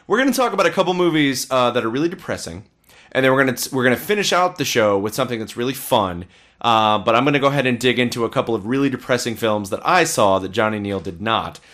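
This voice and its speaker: A man's voice: mid-range voice, animated, quick pace, a bit bright. A man co-hosting a casual podcast, rambling and opinionated as he reviews films, swearing freely. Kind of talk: casual chat.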